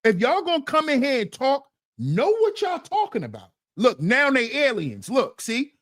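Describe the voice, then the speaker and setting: A man's voice: very high voice, huge pitch swings, moderate pace, a bit bright, dry recording, studio quality. A man hosting a livestream, reading chat comments aloud and answering them in an emphatic, mocking way that repeats phrases.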